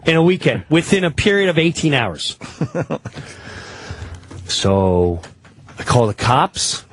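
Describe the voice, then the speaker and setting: A man telling a rambling, excitable story as a guest on a talk-radio show, acting out the people in it. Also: fairly high pitch, slow pace, slight background noise.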